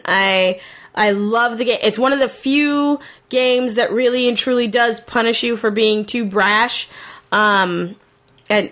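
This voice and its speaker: A woman hosts a casual podcast about video games. She talks in a chatty, enthusiastic way and fills pauses with lots of "um"s. Her pitch is middling. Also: a bit bright. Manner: chatty, enthusiastic, many fillers. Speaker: podcast host.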